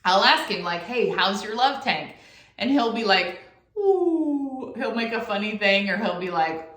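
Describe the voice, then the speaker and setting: A middle-aged woman talks to camera in a chatty, expressive way, slipping into little acted-out quotes as she goes. Her voice sits at an ordinary pitch. The sound bounces around an echoey room. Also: normal speed. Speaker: YouTube host. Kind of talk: casual to-camera talk.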